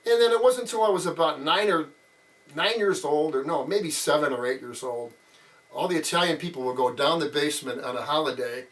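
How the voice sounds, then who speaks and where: Speaking briskly in a fairly high, fairly bright voice, a man in his sixties tells casual stories from his childhood during an interview. He rambles with lots of fillers and performs the quotes, and the mic picks him up from a bit of a distance.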